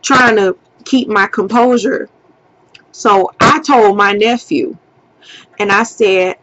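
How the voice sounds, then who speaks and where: Slow-talking woman telling a story. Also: medium pitch, dull audio, a little hiss or hum. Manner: animated, profane retelling with slang. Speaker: vlogger. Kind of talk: casual storytime vlog.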